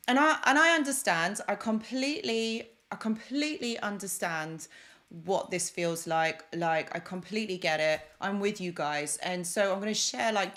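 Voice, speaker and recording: A woman hosting a live stream, chatting effusively with viewers and greeting them by name, then turning encouraging and reassuring. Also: on the low side. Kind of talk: casual live stream chat. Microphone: desk microphone.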